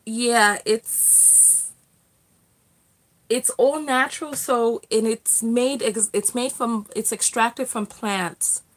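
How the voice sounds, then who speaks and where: A middle-aged self-love coach hosts a relaxed livestream, greeting viewers and replying to their comments. Her voice is a little high and her pace slow, coming in warm, friendly bursts with frequent fillers and restarts.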